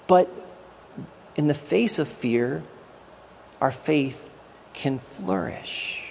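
A man's voice: mid-range voice, very slow, creaky, darkish tone, slight background noise. A man giving a sermon as a guest pastor, in a conversational way with jokes. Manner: conversational preaching with jokes and acted quotes.

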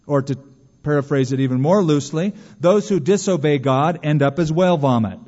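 A man preaching a sermon as a pastor, animated, moving between hushed and emphatic delivery. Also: a little high, fairly quick. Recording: dull sound with long hall reverb.

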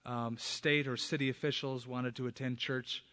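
A man preaching a sermon as pastor, speaking emphatically and punching up key words with loud stresses. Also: medium pitch, flat delivery, moderate pace. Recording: long hall reverb.

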